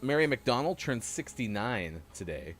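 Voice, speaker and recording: Chatty guy hosting the show, mid pitch, jokes at his own expense, lively. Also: measured pace. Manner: jokey, self-mocking. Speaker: morning show host. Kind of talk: casual chat, reading birthdays.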